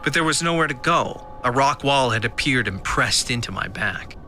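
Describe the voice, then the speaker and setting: A man's voice: mid-range voice, animated, normal speed, pushed and bright, a little hiss or hum. A man narrating a scripted audio drama in a dry, first-person storytelling manner.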